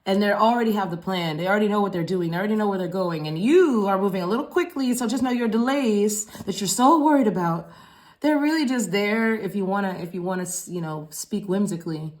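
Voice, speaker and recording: A woman's voice: medium pitch, expressive, a little fast, a little mellow. Rambling, slangy woman reading tarot. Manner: loose, rambling and slangy, with frequent swearing; repeats phrases like chants. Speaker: tarot reader. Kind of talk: casual collective tarot reading.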